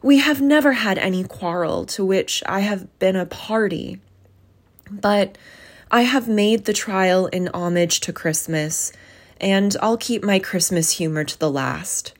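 A woman's voice: mid-range voice, a little slow. A woman voicing an earnest, cheerful young man who pleads his case heartfeltly.

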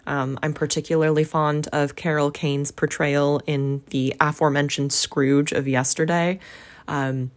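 A woman's voice: deep voice, little pitch movement, a little slow. A young adult woman reading a classic story aloud, then chatting affectionately with her listeners. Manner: warm, affectionate, encouraging. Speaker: audiobook reader and podcast host. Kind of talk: storybook reading and casual sign-off.

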